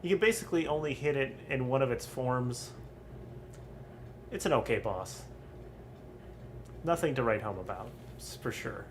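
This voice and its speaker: A man's voice: medium pitch, expressive, moderate pace, pauses often, slight background noise. Profane rambling young male streamer. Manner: profane, rambling, frequent ums. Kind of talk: casual crude gaming commentary.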